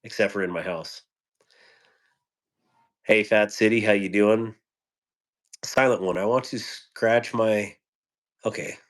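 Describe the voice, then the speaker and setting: A man's voice: on the low side, takes it slowly, pauses often. A man hosting a casual live stream from home on his phone, greeting viewers by name with rambling, joking asides.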